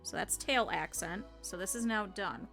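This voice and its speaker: Casual woman streamer, crisp bright tone, talks chat through craft steps over faint music. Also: mid-range voice, moderate pace. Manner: chatty, explains as she works, talks to chat. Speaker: streamer teaching plush sewing. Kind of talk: casual step-by-step craft tutorial.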